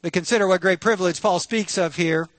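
A man's voice: high-pitched, brisk, dry recording. A man as pastor reading scripture, praying and preaching in an earnest, conversational way with rhetorical questions. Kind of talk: sermon.

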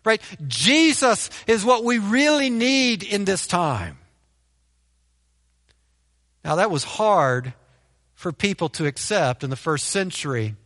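Male pastor, sermon delivery, keeps asking "right?", bright tone, long hall echo. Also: high voice. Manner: preaches with rhetorical "right?" tags and repetition.

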